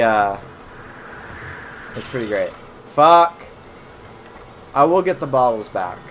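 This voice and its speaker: A young man streams old browser games from his home setup, talking to chat in loose, profane banter. He keeps a mid-range voice and drops jokes between sudden loud yells. A faint hum sits behind him. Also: medium pitch. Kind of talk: casual gameplay commentary.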